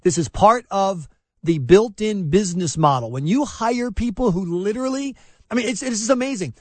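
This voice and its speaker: A man hosting a talk radio show, telling stories in an animated, sarcastic way and mocking people in put-on voices. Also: high-pitched, normal speed, no echo.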